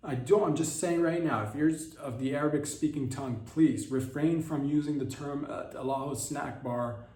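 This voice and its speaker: A man's voice: fairly high pitch, normal speed, dark tone. A man hosting a comedy podcast in a rambling, provocative monologue, often cutting himself off and restarting. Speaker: podcast host. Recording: roomy echo.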